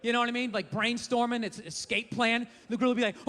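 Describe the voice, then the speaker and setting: A man's voice: very high-pitched, steady tone, fast talker, hardly any pauses, fairly bright tone. A man doing a profane, ranting stand-up comedy routine on stage, acting out the voices in his story. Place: comedy stage before an audience. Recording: live venue with long reverb, faint noise.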